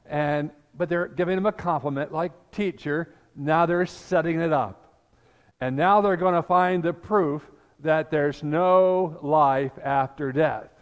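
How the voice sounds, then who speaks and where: An older male pastor delivers a storytelling sermon, acting out the people in his scripture story. He talks at an unhurried pace, his voice sitting a bit high for a man. The sound carries a long reverb from the church sanctuary. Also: muffled recording.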